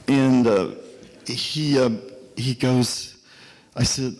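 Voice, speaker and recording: A man's voice: medium pitch, sing-song, normal speed. A man, a hospital architect, speaking at a fundraising banquet in a hotel hall, telling an anecdote and acting out the dialogue with growing emotion. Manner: storytelling, acts out the dialogue, grows emotional. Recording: long reverb of a large hall.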